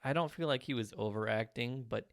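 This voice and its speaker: A young man hosting a solo movie review podcast, talking in an animated, blunt way and swearing freely. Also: medium pitch, brisk, vocal fry, no room sound, studio quality. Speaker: podcast host.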